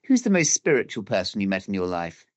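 A man interviewing a guest, asking long questions with hesitant pauses and fillers. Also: fairly low pitch, very animated.

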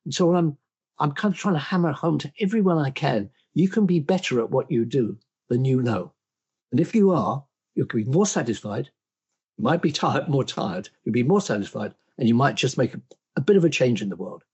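An older man with a husky, slightly breathy voice speaks as a guest in a conversation. He tells his stories thoughtfully and often stops to restart a sentence. His self-deprecating asides keep the tone modest. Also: medium pitch, animated, fairly quick, a little mellow, lo-fi sound. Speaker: interview guest. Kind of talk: reflective conversational storytelling.

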